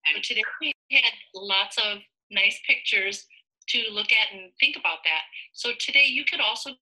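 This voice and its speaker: A woman giving a gentle online lesson to young children about making sounds with the mouth. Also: mid-range voice, normal speed, low-quality recording.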